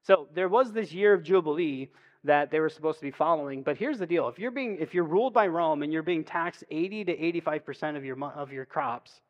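A man preaching a sermon as pastor, in a relaxed, conversational storytelling way, often checking in with "right?". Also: a little high, a little fast, dull audio. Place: church sanctuary. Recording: long reverb of a church hall.

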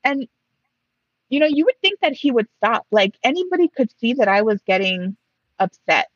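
Husky woman telling a story with flair. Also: on the high side, normal speed, no echo, highs cut off. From Mexico. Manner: animated, acts out both sides of a dialogue. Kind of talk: casual storytelling.

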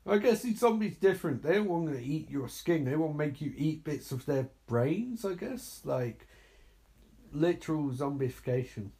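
A man's voice: a little high, lively intonation, moderate pace, warm tone. A man giving live reaction commentary on a horror movie, sarcastic and exasperated, swearing freely.

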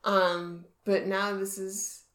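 Soft-spoken young woman in an echoey room. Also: mid-range voice, little pitch movement, takes it slowly. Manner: soft, agreeable, often answers with short yeahs. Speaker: podcast co-host discussing a book. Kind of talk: casual chat.

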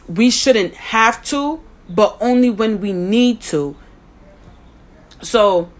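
A young woman giving a personal talk, earnest and thinking aloud, often restarting her sentences. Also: mid-range voice. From United States. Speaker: speaker sharing a personal view.

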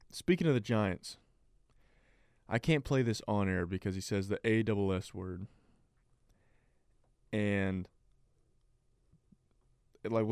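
A man's voice: sits low, a little mellow, clean tone, no echo, studio quality. A man co-hosting a sports podcast in casual chat, rambling with lots of fillers. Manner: rambling, filler-heavy, laughs easily. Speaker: podcast co-host.

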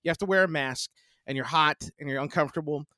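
A man's voice: a little high, fast talker, bright, forceful tone, dry recording. A man in his forties and a podcast co-host, chatting casually, telling a profane story and acting out the voices of the people in it. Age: 40s. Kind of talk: casual chat.

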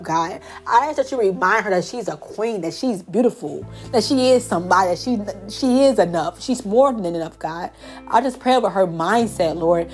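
A young woman, tearful, giving a heartfelt personal testimony and then praying aloud, repeating God and Lord again and again. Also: medium pitch. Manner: heartfelt, repetitive, calls out God and Lord often. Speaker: faith vlogger. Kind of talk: personal testimony and spoken prayer.

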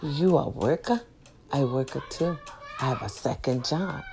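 A friendly, eager Latino handyman, as a woman puts him on. He speaks in short, simple broken English, low and hushed. His manner stays polite and keen to help. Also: a little slow. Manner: quieter and lower than her own voice.

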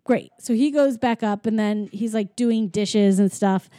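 Casual woman co-host, animated storyteller, dry close sound. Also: mid-range voice, a little slow, no room sound. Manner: chatty storyteller, acts out quotes, laughs often. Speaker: podcast co-host recapping a film. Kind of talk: casual chat.

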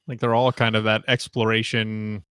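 A man's voice: fairly low pitch, level tone, moderate pace, fairly bright tone, clean tone, dry recording, clean studio sound. A man in his thirties chatting casually on a podcast, rambling with lots of fillers. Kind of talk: casual chat.

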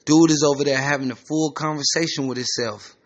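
A man's voice: on the high side, steady tone, brisk, lightly acted. A man voicing an irritated teenage boy in rehab who talks bluntly in slang, on a slightly muffled lo-fi recording. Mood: annoyed.

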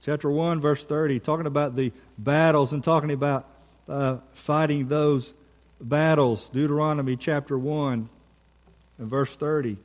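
Pastor guy preaching, kinda high voice, punchy and repeats stuff. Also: steady tone. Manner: emphatic, repeats key phrases, slows down for scripture. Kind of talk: sermon.

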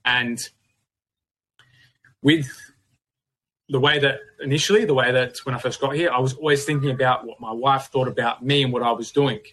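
A man's voice: mid-range voice, fairly even intonation, moderate pace, long pauses, a bit bright. A young adult man with an Australian accent, a podcast guest talking in a reflective, rambling way with many restarts. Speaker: podcast guest, gym owner. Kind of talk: casual conversation.

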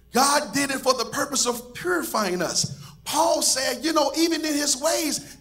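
A man preaching a sermon as pastor, with a singsong cadence that rises to shouts. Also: very high-pitched, measured pace.

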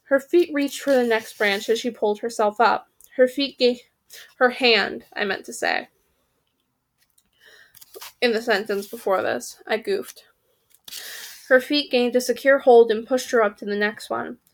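A woman's voice: fairly high pitch, a little slow, vocal fry, long pauses. A woman reading a children's fantasy story aloud, voicing the characters and stopping to correct her own slips.

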